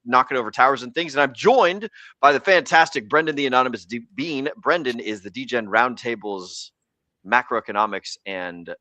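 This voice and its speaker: A man's voice: mid-range voice, normal speed, pushed and bright, no echo. A young adult American man hosting a casual livestream show, rambling, joking and swearing freely. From United States. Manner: rambling, profane and jokey. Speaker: podcast host.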